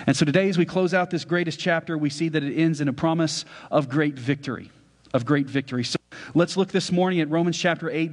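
A man preaching a sermon as a pastor, conversational, often checking in with his listeners. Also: fairly high pitch. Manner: conversational preaching with frequent "right?" asides. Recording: church hall reverb.

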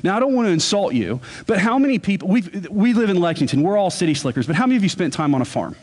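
A man preaching a sermon as pastor, earnest, and he slows down to stress key words. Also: high-pitched, very animated, a little mellow.

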